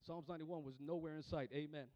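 A man's voice: on the high side, steady tone, quick pace, mellow, no room sound, lo-fi sound. A man preaching a sermon as pastor, calling for responses from the congregation and often repeating words and restarting lines as he goes.

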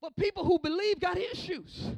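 Male pastor, very high gravelly voice, dry close sound, sermon with call-and-response. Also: moderate pace, no room sound. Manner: preaching with call-and-response, swinging from hushed to shouting.

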